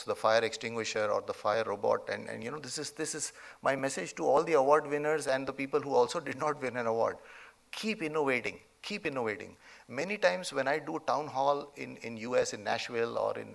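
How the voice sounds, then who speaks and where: A middle-aged Indian man delivers a convocation address in a mid-pitched, gravelly voice. He speaks emphatically, often checking in with "okay?" and "you know." He has an Indian accent. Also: fairly bright tone. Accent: Indian English. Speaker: convocation chief guest speaker. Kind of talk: motivational speech with a told story. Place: large convocation hall.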